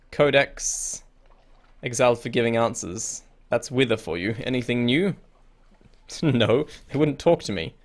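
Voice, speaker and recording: A man's voice: mid-range voice, vocal fry. A man giving casual gameplay commentary, reading the game's text aloud, laughing often and sounding easily confused, with a casual swear now and then. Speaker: let's play gamer.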